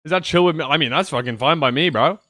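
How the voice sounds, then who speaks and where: A man's voice: on the high side, fast talker, bright, forceful tone, no room sound. A young man rambling casually to his viewers on a livestream from his computer, swearing now and then. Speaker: streamer. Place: at home at a PC.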